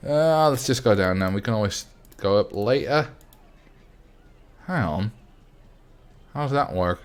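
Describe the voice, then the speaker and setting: A man's voice: fairly low pitch, expressive, measured pace, long pauses, clear, resonant tone. A young man from the Netherlands, chatting casually on a game livestream, laughing often and muttering to himself as he builds. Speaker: game streamer.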